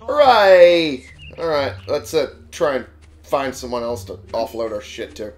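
A man's voice: mid-range voice, moderate pace, soft background music. A man giving casual let's play commentary, sarcastic and swearing as he talks back to game characters. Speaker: gamer playing on a channel.

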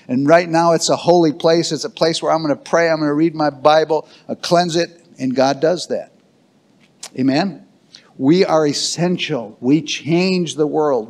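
A male pastor preaching to his congregation in a church, with a voice pitched a little high. He drives his points hard and keeps asking the room for an amen. His delivery is fervent and insistent. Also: a little mellow. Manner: emphatic preaching with call-and-response to the congregation. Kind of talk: sermon. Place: church sanctuary.

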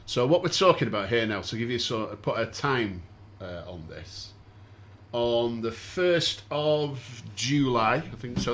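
A man's voice: mid-range voice, slow, a little hiss or hum. A man hosting a fan podcast, walking through events step by step and putting questions to his guests. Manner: steady explanatory recounting with questions to guests. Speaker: podcast host. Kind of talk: casual podcast chat.

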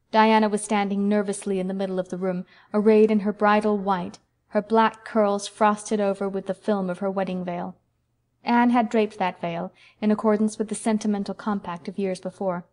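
Woman audiobook narrator, measured and even, medium pitch. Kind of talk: scripted narration.

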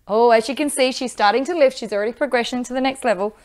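An upbeat woman, teaching dog training and giving loud bursts of praise into a microphone. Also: a little high, fast, hardly any pauses. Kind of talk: instructional video with live dog training.

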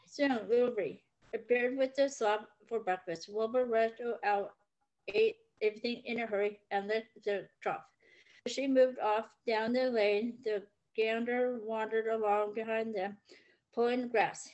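Woman reading a storybook aloud, gentle and expressive, voice a little high. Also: a little slow, lo-fi sound. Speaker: reader. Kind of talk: reading a children's book aloud.

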